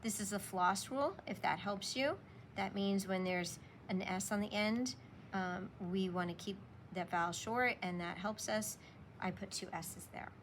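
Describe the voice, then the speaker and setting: A woman teacher talks children through a spelling lesson, speaking slowly and sounding out each letter with patience. Her voice sits at an ordinary middle pitch. A faint ambient hiss stays underneath.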